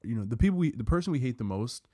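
A man's voice: medium pitch, expressive, rapid-fire, warm tone, slightly rough, dry recording, clean studio sound. A man co-hosting a podcast in an easygoing chat, hesitating often with fillers. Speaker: podcast co-host. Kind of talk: casual chat.

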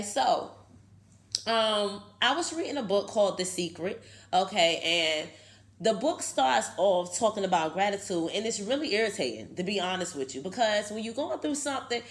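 A woman's voice: mid-range voice, animated, normal speed. A woman, giving a casual, emphatic motivational talk to her viewers and tagging many lines with "okay". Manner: chatty, emphatic, keeps saying okay. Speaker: video host.

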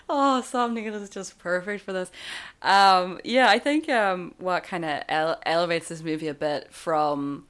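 Woman, podcast co-host, lower pitch, casual, filler-heavy. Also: a little slow, fairly bright tone, clear, resonant tone. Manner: chatty, laughs often, trails off with fillers. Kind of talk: casual film discussion.

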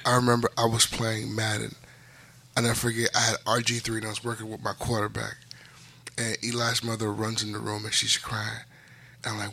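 A man hosting a casual podcast, telling stories loudly with lots of profanity and laughter. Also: on the low side, steady tone, a little fast, creaky, slightly rough. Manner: loud, profane storytelling with frequent laughter. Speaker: podcast host.

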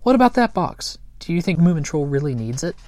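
A man's voice: on the high side, very animated, fairly quick, a little mellow, a little hiss or hum, voice pushed up. A man reading a storybook aloud and voicing a small, timid but boastful male creature who talks in a proud, slightly pompous manner.

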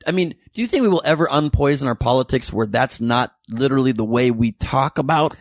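A man's voice: medium pitch, lively intonation, fairly quick, no echo. A man hosting a comedy podcast, laid-back and laughing often while talking politics. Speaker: podcast host. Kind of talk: casual political comedy chat.

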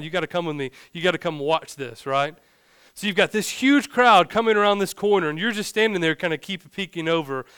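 A man's voice: sits high, a bit bright, smooth, no room sound, studio quality. Man preaching a casual, joking sermon. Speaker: pastor.

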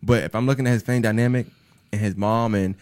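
Fast-talking New York man, playful. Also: on the low side, steady tone, a little mellow, no echo. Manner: fast, playful, stammering repeats. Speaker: podcast co-host. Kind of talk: casual chat.

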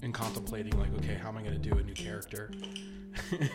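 A man's voice: on the low side, flat delivery, fast talker, over music. A man playing in a tabletop game, talking in a rambling way with laughs and free swearing. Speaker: player. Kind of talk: casual podcast chat.

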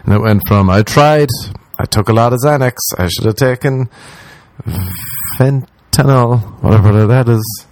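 This young Irish comedian has a mid-range, slightly mellow voice and takes his time speaking. Hosting his podcast, he spins a rambling, foul-mouthed, self-mocking tale in a casual storytelling monologue.

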